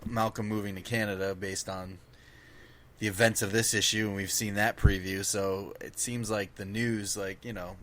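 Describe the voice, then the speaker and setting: Low-voiced eager podcast man. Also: little pitch movement, moderate pace, a bit bright. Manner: eager, jumps in with questions. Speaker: podcast co-host. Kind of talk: casual chat.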